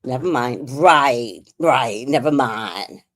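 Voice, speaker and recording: Speaking slowly in an extremely low-pitched voice with lively intonation, a New York-accented woman hosts a live stream. Her casual commentary is chatty, blunt and profane, punctuated by frequent laughter, with no room sound.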